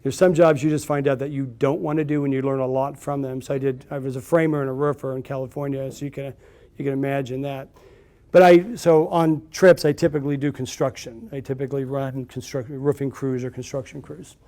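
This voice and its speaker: This middle-aged business-event speaker has a warm, medium-pitched voice with a level tone and fairly quick delivery. He shares stories with a live audience in a chatty, anecdotal style marked by frequent fillers and restarts.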